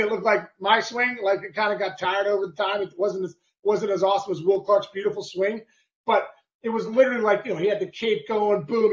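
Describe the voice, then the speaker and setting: A middle-aged man, a former ballplayer hosting a podcast, telling a story in casual, animated chat with bursts of sound effects. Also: high voice, dull audio. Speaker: podcast host, former baseball player.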